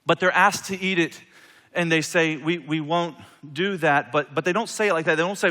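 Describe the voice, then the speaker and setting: A man preaching a sermon, swinging between loud emphatic passages and quiet, intimate ones. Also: a little high, brisk. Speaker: pastor. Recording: long hall reverb.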